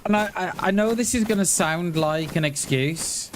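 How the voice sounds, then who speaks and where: A man's voice: high voice, moderate pace, slight background noise. A man chatting casually to viewers while streaming a game, laughing often and thanking people for donations. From Wales. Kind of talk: casual live-stream chat.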